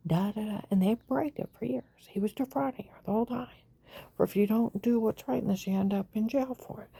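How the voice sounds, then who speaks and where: Woman, low husky rasp, dry close sound; agitated rambling monologue, loud bursts dropping to whispers. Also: fairly quick, no echo. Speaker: vlogger.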